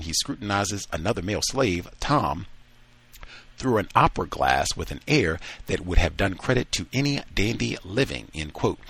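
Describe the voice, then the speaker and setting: A man hosting a call-in talk show, reading a passage aloud and then chatting in relaxed asides. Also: low voice, creaky, slightly rough. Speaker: radio talk show host.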